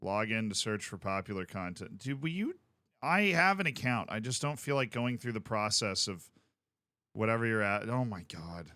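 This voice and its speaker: Casting note man, streamer, crisp bright voice, chatty and rambling, dry close sound. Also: lowish voice, expressive, moderate pace, dry recording. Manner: rambling, chatty, with frequent restarts. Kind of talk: casual livestream chat.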